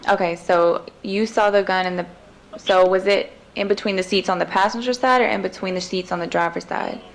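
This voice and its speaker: A woman investigator asking calm, probing questions in a recorded police interview, with frequent soft acknowledgments. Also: medium pitch, brisk, gravelly, rough recording.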